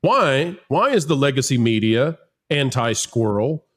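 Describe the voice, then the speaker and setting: A man hosting a casual political panel, asking sardonic questions in an animated way. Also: medium pitch, unhurried. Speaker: host.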